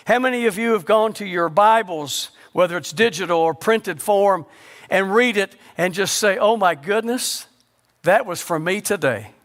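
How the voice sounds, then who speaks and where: A male pastor preaching a sermon, asking the congregation questions and sinking to a low hush to stress a point. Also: normal speed. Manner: rhetorical questions, sudden drops to a low hush for emphasis.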